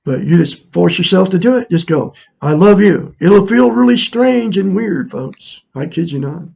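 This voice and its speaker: Earnest older man, gravelly husky voice. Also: sits high, lively intonation, normal speed, darkish tone. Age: 60s. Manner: earnest, repetitive, preachy. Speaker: self-help vlogger. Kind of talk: casual monologue to viewers. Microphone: camera mic, looking into a mirror.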